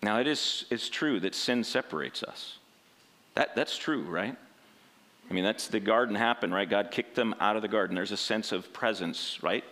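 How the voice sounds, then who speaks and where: A man's voice: fairly low pitch, normal speed, a bit bright. A man preaching a sermon in a conversational way, often asking rhetorical questions and checking in with "right?".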